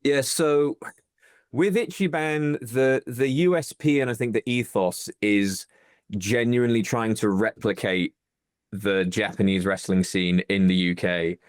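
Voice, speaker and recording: A man's voice: fairly low pitch, fairly even intonation, a little slow, clear, resonant tone, no room sound, studio quality. A man, a wrestling promoter guest, chatting enthusiastically in a casual interview over a video call and rambling with restarts.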